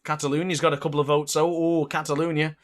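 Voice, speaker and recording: A gaming streamer with a slightly high voice talks fast while commentating his livestream. He calls his own race like an excitable mock sports commentator, punctuated by frustrated outbursts.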